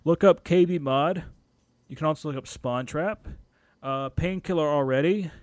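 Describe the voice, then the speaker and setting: A man's voice: a little high, normal speed, dry recording. A young man hosting his own podcast, ranting angrily and swearing freely, with laughs breaking through. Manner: angry, profane ranting; animated rant with laughs and frequent swearing. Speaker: podcast host. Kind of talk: solo podcast rant.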